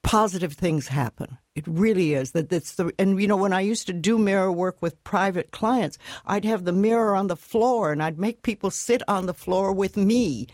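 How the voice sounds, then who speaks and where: A woman's voice: mid-range voice, moderate pace, few pauses, darkish tone, dry recording, studio quality. An older woman, a self-help author, chatting bluntly and matter-of-factly as a guest, laughing easily. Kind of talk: casual chat.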